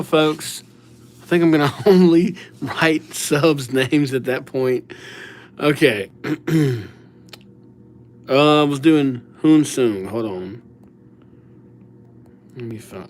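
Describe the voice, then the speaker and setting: A man talks slowly and casually on a live stream, reading names aloud as he writes them. He keeps up a loose, chatty patter and thanks his subscribers by name. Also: fairly high pitch. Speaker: livestreamer writing viewers' names.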